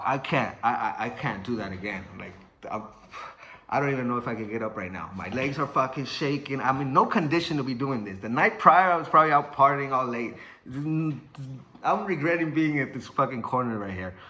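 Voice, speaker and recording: A man's voice: mid-range voice, reverberant, a little hiss or hum. A young man telling a story in casual speech, swearing often and acting out sounds and what people said. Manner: swearing, animated, acts out sounds and quotes.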